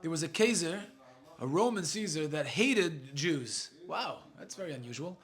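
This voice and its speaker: A man's voice: on the high side, lively intonation, normal speed, a bit bright. A man, a rabbi, teaching a casual Talmud class to a live group. He reads short Aramaic phrases, then explains them in chatty English, thinks aloud and jokes with his students.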